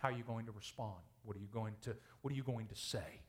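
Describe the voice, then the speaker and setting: A male pastor preaching a sermon, asking the congregation rhetorical questions and swinging widely in pitch and loudness. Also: fast talker.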